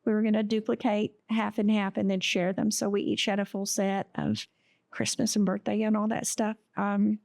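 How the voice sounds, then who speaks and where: A woman recounting her own story as an interview guest. She speaks slowly and haltingly, pausing often. Her voice is gravelly and dark, and the sound is dry and close. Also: mid-range voice, no room sound. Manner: halting and emotional, with many pauses and fillers. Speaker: podcast guest. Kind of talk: telling a personal story in an interview.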